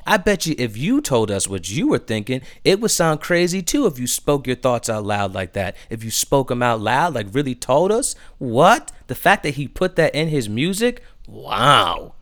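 Gushing, excitable male podcast host. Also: medium pitch, normal speed, hardly any pauses. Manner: excitable, gushing, many restarts. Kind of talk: casual music review chat.

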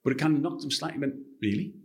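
A man from Liverpool with a Liverpool accent, a guest author telling anecdotes in an interview in an animated way. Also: fairly high pitch, racing, vocal fry. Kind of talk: interview storytelling.

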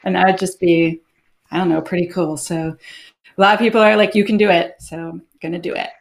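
A woman guest in an interview, telling stories in a lively way, acting out quoted exchanges with big jumps in her voice and frequent laughs. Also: on the low side, brisk, vocal fry. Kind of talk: casual interview chat.

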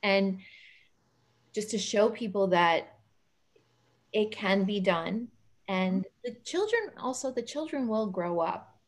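A woman hosting a casual interview over a video call, emotional and quick to laugh, calling herself a big softie. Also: mid-range voice, expressive. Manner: warm, emotional, laughs often. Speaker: podcast host.

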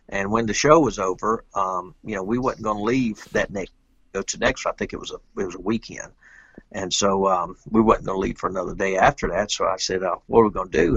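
A man's voice: lowish voice, a little fast, vocal fry, fairly bright tone, slightly rough, no room sound, muffled recording. A man, a guest telling a rambling, folksy story with loose grammar in casual chat. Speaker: interview guest, pool player.

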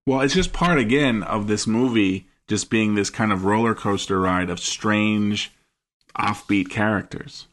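Low-voiced, musing podcast man. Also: a little slow, fairly bright tone. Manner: analytical, hesitant, searching for words. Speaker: podcast co-host. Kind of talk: casual film-discussion chat.

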